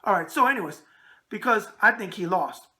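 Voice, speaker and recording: A raspy-voiced man with a New York accent hosting a show, bantering in a brash wise-guy way. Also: sits high, lively intonation, a little fast, sharp tone. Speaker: host. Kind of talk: casual call-in talk show.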